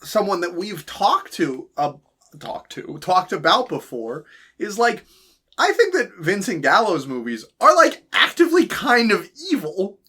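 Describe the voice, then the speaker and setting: Animated, bright-voiced man chatting. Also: a little slow, breathy edge. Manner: animated, laughs often, acts out characters in high silly voices. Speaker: podcast co-host. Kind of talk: casual film discussion chat.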